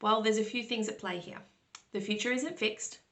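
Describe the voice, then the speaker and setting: A woman's voice: on the high side, steady tone, normal speed, a bit bright. A woman who reads tarot hosts a casual question-and-answer episode, explaining in a reassuring way and often checking in with listeners. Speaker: tarot reader and podcast host.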